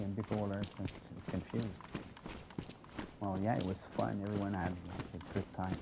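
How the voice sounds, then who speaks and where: A man's voice: fairly low pitch, normal speed, creaky. A man streaming a game, rambling and joking while stumbling over repeated words. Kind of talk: casual gameplay commentary. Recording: noisy with steady background hum.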